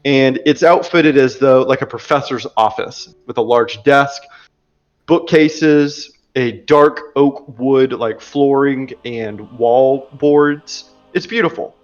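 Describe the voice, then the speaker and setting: A man's voice: medium pitch, takes it slowly, faint music behind. A man narrating a tabletop game as game master, casual and chatty with filler words, on a dull lo-fi recording.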